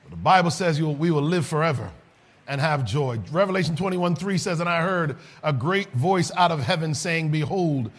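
A man preaching a sermon, reading scripture and building from quiet explanation into shouted, sing-song climaxes. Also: a little high, animated, moderate pace.

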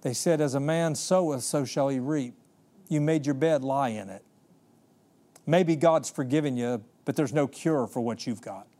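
A man's voice: medium pitch, moderate pace, mellow, natural voice. A man preaching, voicing a desperate man with leprosy who pleads earnestly for healing. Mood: pleading. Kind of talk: sermon storytelling.

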